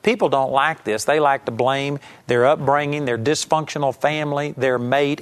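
A man preaching a sermon, reading scripture slowly and with emphasis, then explaining it in plain, earnest talk. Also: mid-range voice, steady tone.

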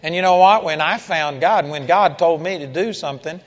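A man preaching a sermon to a congregation and telling a story, building to loud, emphatic peaks. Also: on the high side, moderate pace. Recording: dull, echoey hall recording.

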